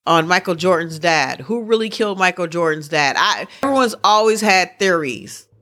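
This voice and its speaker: A woman's voice: on the low side, lively intonation, moderate pace, fairly bright tone. A woman hosting a podcast, rambling through sports news in casual chat and often restarting her sentences. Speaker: podcast host.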